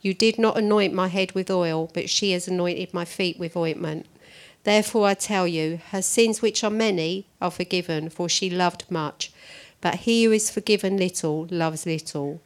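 A woman reading a Bible passage aloud to a church group in a steady, measured way. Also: fairly low pitch. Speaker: scripture reader.

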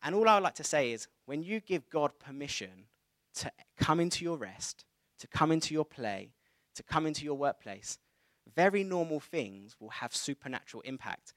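A man's voice: on the high side, normal speed, dry recording. Man preaching with a story. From England. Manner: conversational storytelling, animated retelling of dialogue. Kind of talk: sermon with personal story.

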